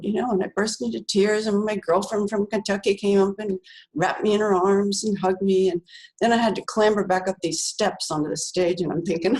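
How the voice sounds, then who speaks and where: A woman's voice: mid-range voice, level tone, fairly quick, a little mellow, poor audio. Chatty older woman telling a story. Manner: chatty, laughs often, many fillers. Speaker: guest author. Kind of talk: animated storytelling.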